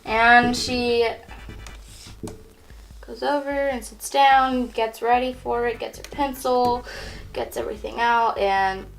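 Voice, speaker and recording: A woman's voice: on the high side, fairly even intonation, slow pace, creaky, soft background music, poor audio. A woman narrating her turn of a story while drawing, easygoing and chuckling at her own slips. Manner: easygoing, chuckling, self-correcting. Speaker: co-host continuing a drawn story.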